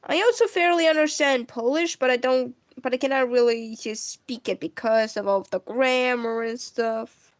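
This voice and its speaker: A woman's voice: on the high side, moderate pace, dry recording. A young woman, a native Russian speaker with a Russian accent, chatting casually on a stream and reading out chat questions.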